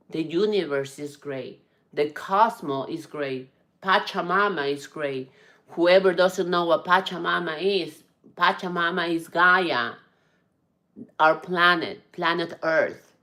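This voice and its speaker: A woman's voice: fairly low pitch, fairly bright tone, low-quality recording. A middle-aged woman hosting a livestream, chatting casually and defiantly as she reads out viewer comments. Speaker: livestream host reading chat. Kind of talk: casual live chat.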